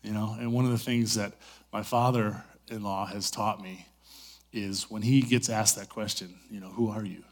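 A man's voice: lowish voice, steady tone, moderate pace. A middle-aged man giving a sermon in a conversational, storytelling way, full of asides. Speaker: pastor.

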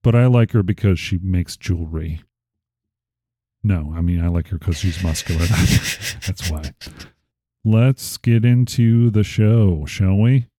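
A man's voice: low-pitched, slow pace, warm tone, no room sound, studio quality. A man hosting a podcast, chatting casually with a rambling, playful, self-correcting way of talking. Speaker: podcast host. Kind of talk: casual chat.

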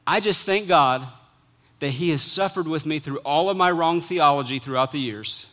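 Bright-voiced animated male pastor preaching. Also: a little high, moderate pace. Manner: animated, acts out quotes, sudden quiet drops. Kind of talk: sermon.

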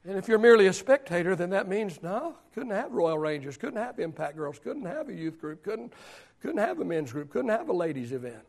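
A man preaching a sermon as pastor, repeating rhetorical questions, building to shouts and then dropping to a hush. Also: high voice, big pitch swings, brisk, gravelly. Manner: preaching with rising shouts and sudden hushed drops.

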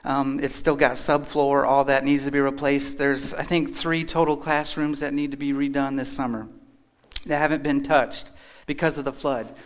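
A man's voice: mid-range voice, level tone, normal speed. A man from Kentucky giving a casual, joking talk as a guest speaker at a church. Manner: chatty, joking, folksy. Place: church hall.

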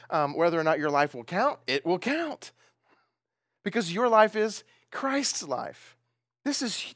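A man's voice: sits high, fairly bright tone, no echo, studio quality. A man preaching a sermon, asking his congregation questions and laughing often as he talks. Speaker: pastor.

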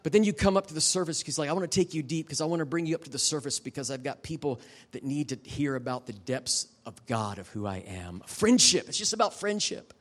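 Man preaching in a candid, conversational way. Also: medium pitch. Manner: personal storytelling, emotional and candid, quick asides to the audience. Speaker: guest preacher. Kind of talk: conversational sermon ending in prayer. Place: church service.

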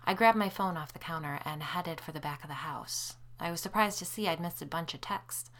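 A woman reading a first-person novel aloud, shifting her pitch and loudness to act out the characters' lines. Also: fairly quick. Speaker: audiobook narrator. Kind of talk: first-person audiobook narration.

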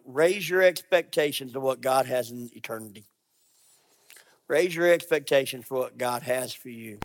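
A middle-aged male pastor preaching a sermon, telling a story with lively quoted voices and laughter. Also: a little high.

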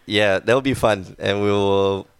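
A man's voice: fairly low pitch, fairly even intonation, measured pace, creaky, smooth, no echo. A man hosting a podcast in casual chat, rambling and laughing easily, with a wheezy cough. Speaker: podcast host.

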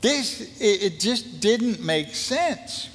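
A man preaching a sermon as a pastor, telling a Bible story in a lively, joking way and acting out what the characters say. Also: sits high, extremely slow, long reverb tail. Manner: animated, jokey storytelling that acts out scripture quotes.

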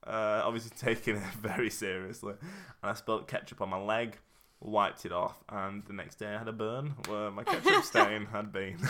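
Casting note: young man, podcast co-host, bright tone, rambling storyteller who laughs at his own jokes. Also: fairly low pitch, sing-song, moderate pace, hardly any pauses, slight background noise. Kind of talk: casual chat, storytelling.

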